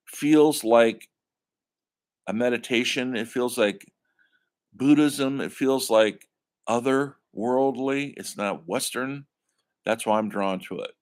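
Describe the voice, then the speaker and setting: A man teaching a film studies class in a rambling, enthusiastic way, with many fillers and restarts. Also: on the low side. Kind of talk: casual classroom lecture.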